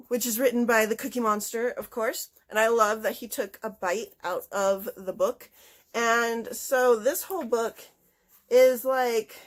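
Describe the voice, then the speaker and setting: A woman chatting casually and excitedly through a book haul, full of little fillers. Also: fairly high pitch. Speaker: book vlogger.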